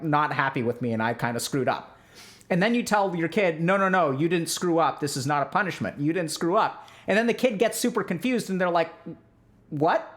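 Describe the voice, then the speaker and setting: A man's voice: sits high, fairly bright tone. A man in his thirties, a psychiatrist giving a casual lecture to a live stream audience, talking conversationally with lots of "like" and "right?".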